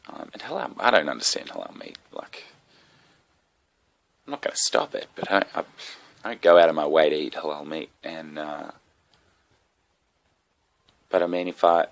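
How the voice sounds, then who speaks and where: A young Australian guy hosts a comedy podcast on his own, wandering off topic, cursing openly and adding side remarks. His voice is very deep and gravelly with fry, yet bright and forceful, carrying a sick, slightly coughy quality.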